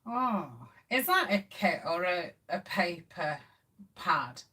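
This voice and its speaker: A woman's voice: on the low side, lively intonation, slow, bright, forceful tone, breathy edge. A middle-aged woman hosting a casual craft live stream, chatting with viewers and reading their comments with plenty of ums. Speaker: craft channel host.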